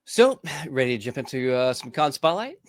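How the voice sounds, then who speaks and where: A man co-hosting a pop-culture podcast in casual chat, relaxed, laughing often and restarting his sentences. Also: medium pitch, moderate pace, a little hiss or hum. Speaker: podcast co-host.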